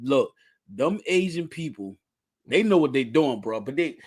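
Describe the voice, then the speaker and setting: A man in a casual chat, animated and slangy, often repeating words as he talks. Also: mid-range voice, a little slow, slightly rough.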